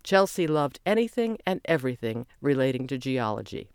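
A narrator reading a children's audiobook in a lively storytelling manner. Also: medium pitch, a little fast, clear, resonant tone, no room sound, studio quality.

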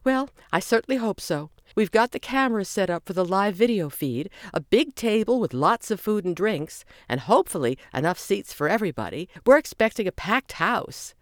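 A narrator voicing a cheerful, helpful woman who organizes an event, speaking brightly and chattily in a storybook reading. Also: mid-range voice, animated, normal speed, hardly any pauses, no echo, studio quality, voice pushed up, lightly acted.

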